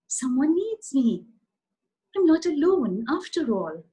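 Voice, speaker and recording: A woman's voice: sits high, big pitch swings, takes it slowly, warm tone, pitched above the performer's own voice, full character voice. A woman voicing a lonely, insecure male sun who wonders and doubts himself. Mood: self-doubting.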